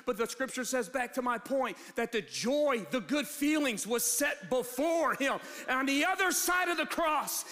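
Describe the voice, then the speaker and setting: A pastor preaching a sermon, swinging from low, quiet asides to shouted, rising lines. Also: male voice, lively intonation, normal speed, hardly any pauses. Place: church hall. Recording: long reverb of a large hall.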